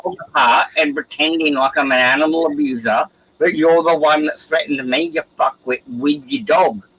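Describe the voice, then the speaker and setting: A man argues on a livestream in a combative, taunting way, pushing the same demand again and again. His voice sits a little high and sounds bright and tense. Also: moderate pace, slightly rough, poor audio. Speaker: guest caller. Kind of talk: heated livestream argument.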